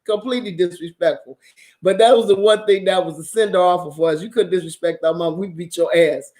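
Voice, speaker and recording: A woman's voice: fairly low pitch, a little fast. Profane, laughing woman telling stories. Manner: profane, animated, laughs often. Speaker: channel host. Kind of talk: casual storytelling.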